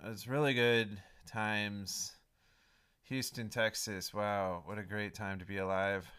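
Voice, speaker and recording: A man's voice: lowish voice, level tone, slow pace, clean tone. Self-mocking man rambling a podcast intro. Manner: self-mocking, melodramatic swings between mumbling and loud pleading. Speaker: podcast host.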